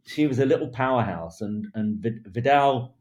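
A man with a middle-range voice tells a story in an interview. He is lively and laughs between phrases. He acts out what other people said. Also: mid-range voice, normal speed. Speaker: hairdressing creative director. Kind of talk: telling an anecdote in an interview.

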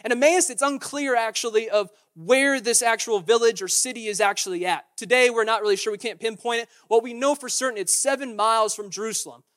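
A man's voice: very high-pitched, brisk, hardly any pauses, fairly bright tone. A man preaching a sermon in a conversational way, acting out quotes and often restarting his phrases. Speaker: pastor.

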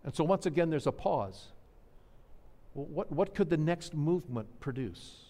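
A man preaching a sermon, swinging between hushed, sorrowful passages and soaring, fervent proclamation. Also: fairly high pitch, animated, normal speed, big-room sound. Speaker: pastor.

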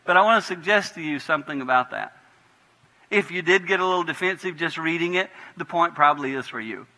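Pastor guy preaching, really bright cutting voice, big echoey church, goes soft then loud. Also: a little high, fairly quick. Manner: animated preaching, swinging from hushed prayer to loud emphatic bursts. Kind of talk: sermon. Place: church sanctuary. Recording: long hall reverb.

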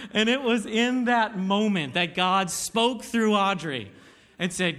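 A man's voice: high-pitched, expressive, measured pace, fairly bright tone. A man in his thirties preaching a sermon, telling candid, self-deprecating stories to his congregation. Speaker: pastor.

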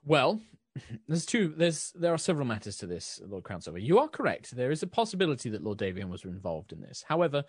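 A man voicing a stately, formal duchess who speaks in a measured, subdued way. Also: medium pitch, sing-song, breathy edge, no echo, clean studio sound, pitched above the performer's own voice.

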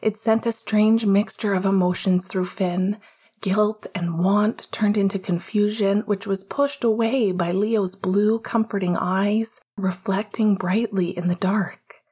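Woman narrator, whispered storytelling, slow and breathy. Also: medium pitch, fairly even intonation, mellow. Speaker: audiobook reader.

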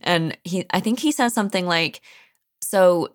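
A woman's voice: on the low side, brisk. A woman casually retelling a novel's plot, chatty and full of fillers, playing out what each character says. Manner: chatty, animated quoting of characters, frequent "like" fillers. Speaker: podcast co-host.

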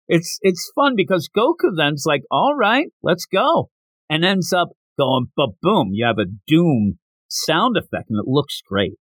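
Animated man recapping a comic. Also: fairly high pitch, no echo. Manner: animated, acts out characters' lines in quick voices. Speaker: podcast host. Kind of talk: casual recap of a manga chapter.

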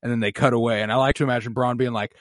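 Rapid-fire and medium-pitched, this man co-hosts a podcast and recaps a TV episode casually, full of profanity and acted-out character lines. The studio sound is clean, with no room sound at all.

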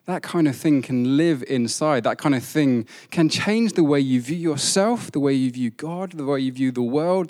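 A man's voice: a little high, darkish tone. A man, preaching a sermon in a conversational, self-deprecating way.

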